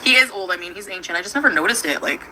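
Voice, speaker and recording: A woman's voice: mid-range voice, animated, rapid-fire, bright, forceful tone, slight background noise, poor audio. A woman hosting a casual livestream, chatting in a rambling, giggly way and often trailing off mid-sentence. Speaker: livestream host.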